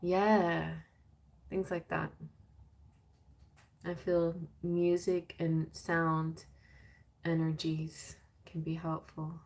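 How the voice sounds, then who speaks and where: A woman giving a gentle, soothing live-stream tarot reading. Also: on the low side, monotone, drawn-out words, pauses often. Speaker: tarot reader.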